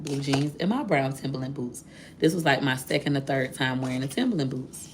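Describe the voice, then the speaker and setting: Low, gravelly woman telling a story. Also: a little fast, a little hiss or hum. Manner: candid, chatty, addresses viewers directly. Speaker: vlogger. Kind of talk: casual storytelling to viewers.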